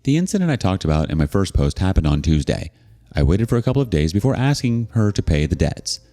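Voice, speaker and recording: Low-voiced man with an animated narration. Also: fast, soft background music. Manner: expressive, sarcastic in asides. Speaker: narrator of reader stories. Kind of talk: scripted narration.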